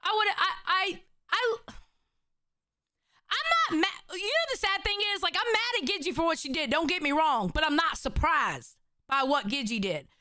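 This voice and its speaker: Lady streamer, really high bright voice, yells and cusses a lot, dry close mic. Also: animated, moderate pace, no echo. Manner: loud, profane, reads out chat messages. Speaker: livestream host. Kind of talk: casual livestream chat.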